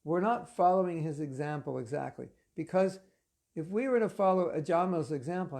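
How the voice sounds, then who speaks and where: A male spiritual teacher lectures to an online class, telling stories in an animated, conversational manner with casual fillers. His voice sits a little high and carries a gravelly grain. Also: moderate pace.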